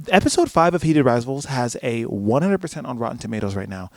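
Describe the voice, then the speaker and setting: A man's voice: medium pitch, sing-song, quick pace, hardly any pauses, a little mellow, no echo, studio quality. A man hosting a solo podcast, ranting animatedly with plenty of swearing and acted-out asides to himself. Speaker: podcast host.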